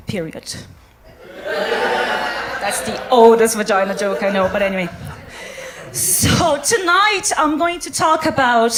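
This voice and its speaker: A woman's voice: sits high, expressive, takes it slowly, a little hiss or hum. A woman in her thirties, not a native English speaker, doing a rambling, self-mocking stand-up comedy set on a club stage. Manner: chatty, rambling, self-mocking, many fillers. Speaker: stand-up comedian, obstetrics and gynaecology doctor. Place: stage in a club before a live audience.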